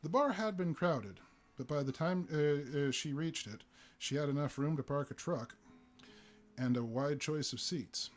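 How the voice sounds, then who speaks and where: A man giving a live reading of a humorous story, narrating deliberately with occasional fillers. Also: on the high side, faint music behind. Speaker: reader.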